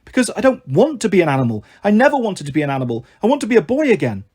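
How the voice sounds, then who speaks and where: A man's voice: big pitch swings, rapid-fire, a little mellow, breathy edge, exaggerated voice. A man reading aloud, voicing a desperate boy who has become a sheep, in a raised, pleading storybook voice. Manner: pleading, rising panic, raised pitch.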